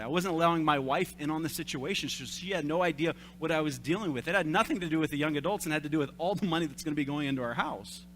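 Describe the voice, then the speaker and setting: A man in his thirties, a young adults pastor, giving a conversational sermon with animated, self-deprecating stories. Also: on the high side, a little hiss or hum. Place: church service.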